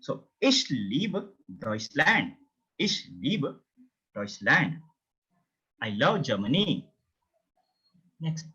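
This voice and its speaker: A man's voice: mid-range voice, sing-song, very slow, long pauses, pushed and bright, husky. A man teaching a beginner language lesson, repeating each word several times. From India. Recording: dull, lo-fi sound.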